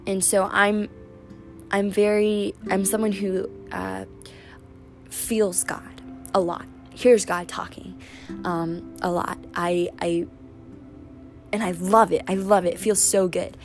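A woman's voice: mid-range voice, flat delivery, slow, long pauses. A young adult woman hosting a faith-based podcast, chatting in a rambling way full of "like" and "um" as she tells personal stories. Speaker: podcast host. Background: music.

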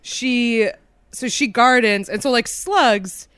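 A woman's voice: fairly high pitch, takes it slowly, fairly bright tone, a little hiss or hum. A woman co-hosting a comedy podcast in casual chat. She laughs often and teases the others. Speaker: podcast co-host.

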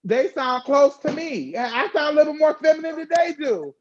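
A woman with a fairly high voice, speaking frankly and expressively in casual conversation and dropping slangy asides. The recording sounds a little dull and lo-fi. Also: animated, moderate pace. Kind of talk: candid conversational chat.

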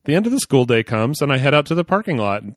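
A man from Oklahoma hosts a casual podcast and reads a listener's long letter aloud, chuckling along the way. His pitch swings widely and with animation as he reads. The sound is close and dry, with no room around it. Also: quick pace, dry recording. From Oklahoma, USA. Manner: lively, chuckling reader. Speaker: podcast host.

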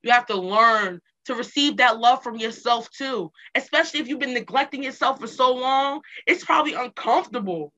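A woman speaks in an earnest, emphatic way, often repeating a phrase to press it home. Her voice is bright and sits a little high. She sounds like an interview guest sharing hard-won advice. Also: normal speed, few pauses, muffled recording. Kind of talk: casual motivational talk.

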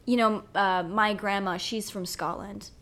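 A young woman hosting a solo podcast, ranting in a profane, animated, rambling way. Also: medium pitch, a little slow. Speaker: podcast host.

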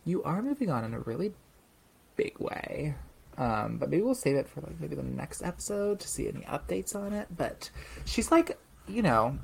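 Husky young man telling a wild story. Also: a little high, moderate pace. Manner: animated storyteller, acts out quoted voices. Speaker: podcast co-host. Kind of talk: casual chat.

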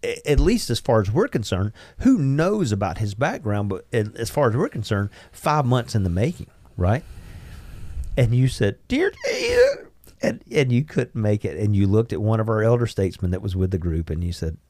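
A man hosting a podcast, telling a story casually and lively, acting out the lines he quotes. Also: lowish voice, moderate pace, no room sound. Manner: animated, acts out quoted lines. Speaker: podcast host.

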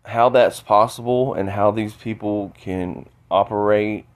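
A man talking alone into his podcast, stuffy from a cold, halting and often repeating words. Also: on the low side, steady tone. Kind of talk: solo monologue.

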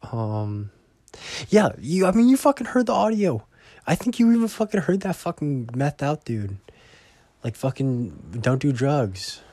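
A man's voice: mid-range voice, a little mellow, dry recording. A young man vlogging in a rambling, profane casual monologue that often trails off into mumbles.

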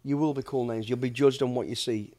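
A man's voice: medium pitch, fairly even intonation, fast, darkish tone. A middle-aged man from the United Kingdom, blunt and plain-spoken, telling stories in a casual podcast chat. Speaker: podcast host, former soldier and bodyguard.

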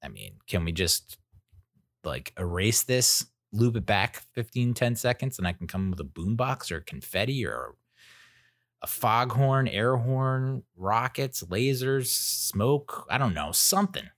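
A man's voice: sits low, sing-song, moderate pace, creaky, fairly bright tone, no echo, studio quality. A man in his thirties telling a casual story as a podcast host, rambling and self-interrupting with wry, jokey asides.

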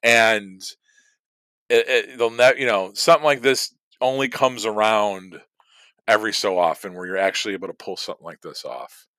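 Dude rambling about a comedy he loved, lots of restarts and swearing, bright tone. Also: lowish voice, normal speed, dry recording. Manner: rambling, restarts, profane, enthusiastic. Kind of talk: casual movie review chat.

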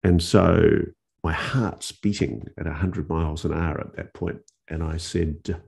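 A male journalist telling a story in an interview, animated, with restarts and dramatic pauses. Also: rumbling low. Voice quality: gravelly, husky.

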